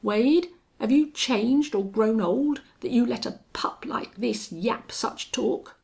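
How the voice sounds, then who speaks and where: Woman voicing a hoarse, blustering rustler boss. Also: on the high side, slow pace, voice pushed up. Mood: frightened, blustering. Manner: shouting, hoarse outbursts, rough frontier talk. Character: fearful blustering male rustler leader, older man. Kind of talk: audiobook reading.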